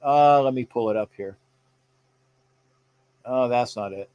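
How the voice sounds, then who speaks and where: A man's voice: mid-range voice, measured pace, a little mellow, clean tone, highs cut off. A man hosting a casual live sports show, rambling and chatty as he reads out viewer comments. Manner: frequent fillers and restarts. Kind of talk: casual live-stream chat.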